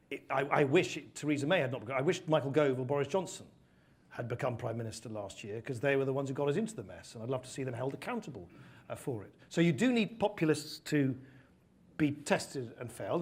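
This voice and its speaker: A man's voice: medium pitch, breathy edge. A middle-aged British man speaking earnestly as a guest speaker, answering interview questions and telling stories with animation. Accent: British English. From United Kingdom. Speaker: guest speaker, former politician.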